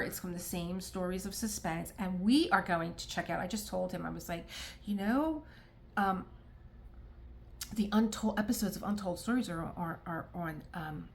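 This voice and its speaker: A middle-aged woman from the United States chatting to camera while she does a craft, rambling and heartfelt, with many restarts and quoted asides. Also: mid-range voice. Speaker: crafting vlogger. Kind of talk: casual talk to camera while diamond painting. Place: home art room.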